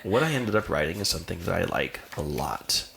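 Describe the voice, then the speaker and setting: A woman's voice: rumbling low, brisk, creaky. An American woman co-hosting a podcast in casual chat at a home setup, rambling and laughing often as she talks. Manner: rambling, giggly, animated. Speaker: podcast co-host.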